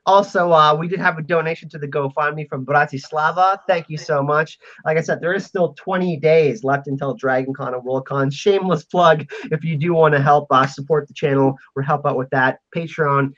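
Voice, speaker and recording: An excitable man hosting a chatty panel stream, his voice sitting a little high and sounding muffled and lo-fi. He rambles through announcements with frequent restarts. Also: moderate pace, hardly any pauses. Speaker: podcast host. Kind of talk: casual panel chat.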